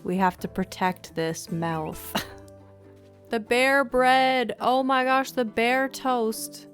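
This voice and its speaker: Woman host, unhurried and effusive game commentary, throat-clearing habit, light music underneath. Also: a little high. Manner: gushing, excitable, frequent exclamations; clears throat and sniffs often. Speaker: gaming video host. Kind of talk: casual gameplay commentary.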